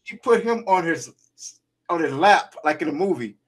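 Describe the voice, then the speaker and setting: Man co-host, lively storyteller, loose swearing, fairly high voice. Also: normal speed, slightly rough. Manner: animated storyteller, laughs often, swears freely. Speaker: podcast co-host. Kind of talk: casual chat.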